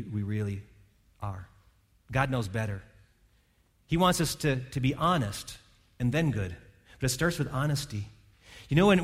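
A man's voice: on the high side, a bit bright. Earnest man preaching in a reverberant hall. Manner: earnest, conversational preaching with frequent restarts. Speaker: pastor. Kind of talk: sermon. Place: church stage.

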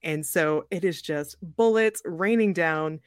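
A young adult woman hosting a podcast, telling a story in a lively, joking way and laughing often. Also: sits low, takes it slowly, no room sound, studio quality. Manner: animated, jokey, laughs often. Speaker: podcast host. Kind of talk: casual storytelling chat.

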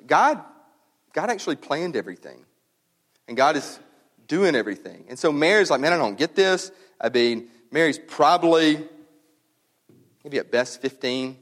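Casual male pastor, conversational sermon, lively emphasis, long church-hall reverb. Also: a little high, normal speed, pauses often. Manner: conversational, animated preaching with casual slang. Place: church sanctuary.

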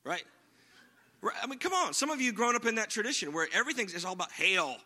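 A man's voice: high-pitched, big pitch swings, fast, pushed and bright. A man preaching a sermon in a conversational way, often checking in with his listeners by asking "right?". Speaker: pastor.

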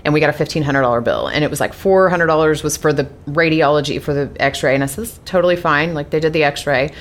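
A woman's voice: low-pitched, quick pace. A woman in her thirties talking casually to her followers, chatty and frank, full of fillers and swearing. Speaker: vlogger sharing personal news.

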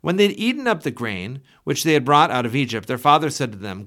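A man reading scripture aloud for a daily Bible podcast in a measured, clear way. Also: mid-range voice, very animated, a bit bright. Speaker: scripture reader.

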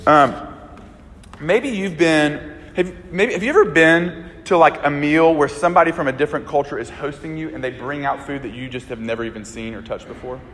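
A preacher from a small town in Alabama, giving a conversational, animated sermon in a church. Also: male voice, fairly high pitch, normal speed, slight background noise. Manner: conversational and animated, acting out voices in Bible stories and anecdotes. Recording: long reverb of a large hall.

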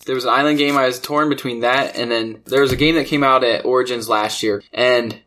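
A man hosting a casual podcast, talking at an ordinary middle pitch. He tells stories in a loose, chatty way and laughs easily along the way. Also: steady tone, brisk, a bit bright. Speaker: podcast host. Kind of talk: casual chat about board games.

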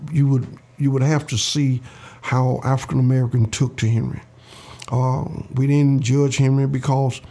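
Older man with a gravelly voice. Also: mid-range voice, warm tone. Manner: slow earnest storytelling, acts out quoted voices. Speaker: interview guest. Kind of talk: storytelling interview.

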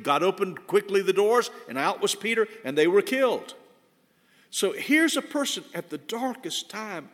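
A man preaching a sermon in a church, his fairly high voice carried by a long hall reverb. He moves between loud, emphatic points and hushed, low-voiced storytelling. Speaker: pastor. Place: church sanctuary.

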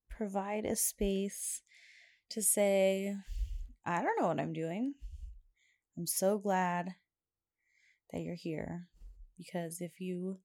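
A woman's voice: medium pitch, darkish tone, no room sound, clean studio sound. A young woman hosting a podcast in a casual, rambling chat, often laughing as she talks. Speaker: podcast host.

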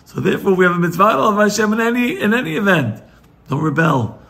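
A man, a rabbi, giving a Torah lesson, telling the story with animated, acted-out quotes. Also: high voice, fast talker, vocal fry. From United States. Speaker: rabbi teaching weekly Torah portion.

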